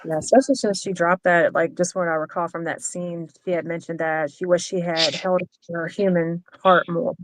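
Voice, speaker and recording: A woman in a casual online book club chat, explaining her reasoning at length. Her voice sits low, and the sound is close and dry. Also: flat delivery, moderate pace, few pauses, dry recording, poor audio.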